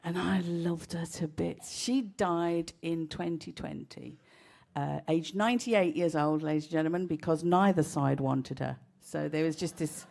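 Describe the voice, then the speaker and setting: A woman's voice: on the low side, moderate pace. A woman, a singer-songwriter chatting wryly with a festival crowd between songs in a live music set. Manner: wry, self-deprecating storytelling between songs. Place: outdoor festival stage. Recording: loud live music behind the voice.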